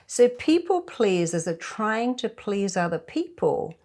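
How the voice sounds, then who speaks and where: A middle-aged woman hypnotherapist giving a lively motivational talk to camera, acting out bits of dialogue as she goes. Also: medium pitch, unhurried. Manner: lively, acts out quoted dialogue.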